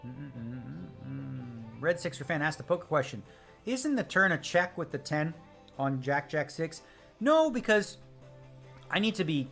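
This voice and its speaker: A man's voice: a little high, vocal fry, a bit bright. A man live-streaming a poker session, chatting casually with viewers in a brash, joking way and answering their chat messages. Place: home streaming setup.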